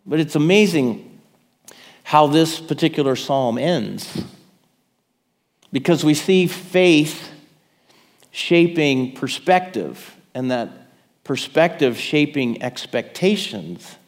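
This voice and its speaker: A man's voice: on the high side, expressive, slow, long reverb tail. A man preaching a sermon in a conversational way, checking in with his listeners. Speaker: pastor.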